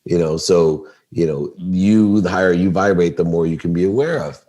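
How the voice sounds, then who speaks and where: A middle-aged man with a low, deep voice tells a story on a podcast. He is animated and acts out each person's lines as he goes. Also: moderate pace, highs cut off. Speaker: podcast guest. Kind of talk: storytelling in a casual interview.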